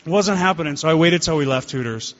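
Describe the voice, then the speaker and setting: There's background noise as a man with a fairly high voice talks at a quick pace. He's the guest speaker at a recovery meeting in a meeting hall, giving the group a candid, self-deprecating account of his recovery, and the hall recording is dull and lo-fi.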